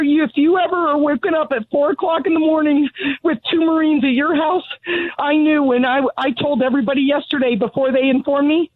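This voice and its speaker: Furious woman ranting on the phone, out of breath, high voice, tinny line. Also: dry recording. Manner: angry, blunt, swearing. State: out of breath from pacing. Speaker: caller. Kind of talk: phone interview.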